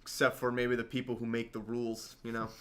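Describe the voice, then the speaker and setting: Bright-voiced man hosting a casual livestream. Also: mid-range voice, completely flat delivery, a little fast. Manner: loose, laughing and swearing freely. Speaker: livestream host.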